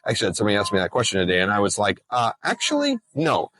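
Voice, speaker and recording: A man's voice: fairly low pitch, flat delivery, very fast, sharp tone, slight background noise. A man talking casually outdoors in a vlog, joking and digressing as he explains rules to his viewers. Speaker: trucking compliance host. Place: outdoors in bright sun.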